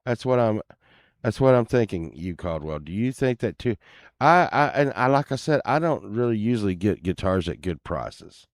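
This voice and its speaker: Man, low voice, dry close sound, laid-back mumbling chat, muttered curses. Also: very animated, normal speed, no echo. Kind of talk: casual chat to viewers while browsing listings.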